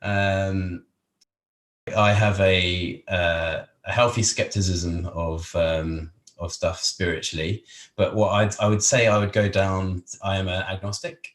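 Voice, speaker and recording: English guy on a podcast, really low voice, rambly with lots of uhs, kinda echoey room. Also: level tone, slow pace, fairly bright tone. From England. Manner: hesitant, rambling, many fillers and restarts. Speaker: podcast guest. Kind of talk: casual interview chat.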